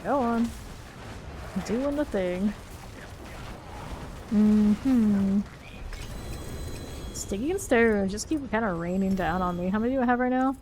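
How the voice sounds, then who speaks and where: A woman's voice: mid-range voice, slow pace, long pauses, darkish tone, a little hiss or hum. A woman casually commenting while streaming a video game, chatting with viewers and laughing often. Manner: chatty, reads chat aloud, laughs often.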